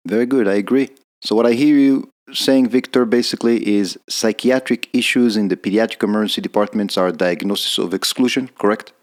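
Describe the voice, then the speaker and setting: A man's voice: lowish voice, brisk, few pauses. A man, an emergency physician hosting a podcast, asking questions and affirming his guest's answers. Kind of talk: interview questions.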